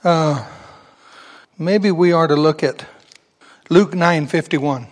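Fervent high-voiced man preaching a sermon. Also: slow pace. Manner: storytelling, rising to fervent preaching. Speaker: pastor. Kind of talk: sermon with personal story.

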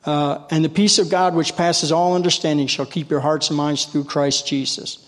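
A man preaching a sermon in a folksy storytelling way, calling on the congregation to answer and growing loud when fired up. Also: on the high side, steady tone, moderate pace. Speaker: lay preacher. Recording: long hall reverb.

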